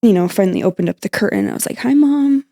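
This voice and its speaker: This is a young woman telling a personal story of loss as a podcast guest. Her voice sits low with a gravelly fry, and she talks haltingly, restarting her sentences. She sounds emotional and close to tears at times. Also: big pitch swings, warm tone. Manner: halting, with frequent fillers and restarts.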